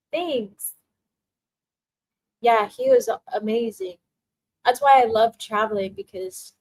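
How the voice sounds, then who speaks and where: A young adult woman chats through a spiritual livestream, reading viewer comments aloud and offering tarot guidance. She laughs often and gushes with emotional encouragement, her voice sitting at an ordinary middle pitch. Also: low-quality recording.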